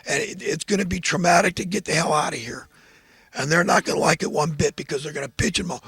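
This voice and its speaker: A man's voice: fairly high pitch, quick pace, creaky, fairly bright tone, husky, no echo. A man giving a rambling, fervent, preachy monologue as host. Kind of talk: impassioned political monologue.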